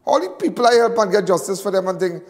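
A middle-aged man with a Trinidadian accent, hosting and speaking to viewers in an impassioned monologue, repeating himself and swinging between loud and hushed. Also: high voice, animated, fast, in a large hall. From Trinidad and Tobago. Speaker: host.

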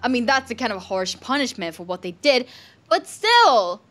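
A young woman giving playful gameplay commentary, excitable and gasping, often dropping to a hushed, sneaky tone. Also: on the high side, moderate pace. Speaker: gaming channel host.

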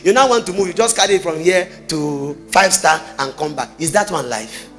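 A Nigerian pastor preaches with a high, swinging voice that leaps between soft asides and shouted points. He fires rhetorical questions at the congregation. Faint music plays behind him. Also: animated, fairly quick. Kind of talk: sermon.

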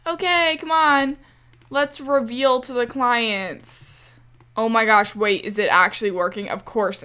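A woman's voice: on the high side, fairly even intonation, unhurried, bright, forceful tone, clear, resonant tone. A young woman giving casual, chatty commentary over her gameplay, often exasperated and talking back to the game's characters. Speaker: gaming creator.

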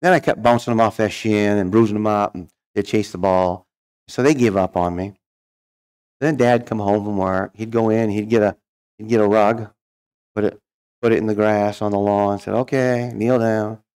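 A man's voice: lowish voice, steady tone, normal speed, darkish tone, clean tone. A middle-aged man telling his life story as a guest speaker, folksy and humorous, acting out the voices of people he quotes. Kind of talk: storytelling testimony.

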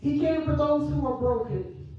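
A woman's voice: sits high, normal speed. A woman preacher delivering a sermon with repeated rhythmic questions, at times rising into sung phrases. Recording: distant echoey church sound, dull.

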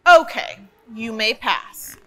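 A woman's voice: on the high side, expressive, slow pace, bright, forceful tone, voice pushed down, exaggerated voice. A woman voicing a hungry, greedy male troll who gloats and rhymes about food. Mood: scheming. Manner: gleeful, rhyming, relishing food.

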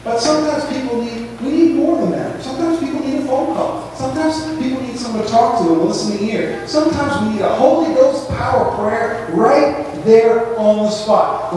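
A high-voiced man preaches in a relaxed, conversational way, slipping into storytelling. His voice comes from well off the mic and rings through a big echoey church hall. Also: recorded from a distance, a little hiss or hum. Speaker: pastor. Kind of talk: sermon. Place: church sanctuary.

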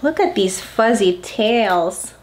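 A woman's voice: mid-range voice, lively intonation, slow pace, over music. A woman hosting a story time, reading a picture book aloud to preschoolers in a playful, coaxing way, with gasps and questions for the children.

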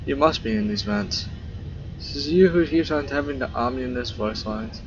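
A man's voice: mid-range voice, sing-song, moderate pace, gravelly, dull audio, background noise. A man casually commentating while he plays a horror game, rambling and joking as he talks back at the characters on screen. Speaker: gaming video host. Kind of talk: casual let's play commentary. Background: game music.

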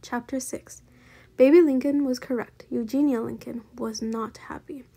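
A woman reads a children's storybook aloud with a gravelly, slightly husky voice. Her tone is mellow and dark, and she tells the story in a steady, gentle way. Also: a little high, moderate pace. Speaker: storybook reader. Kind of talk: children's book read-aloud.

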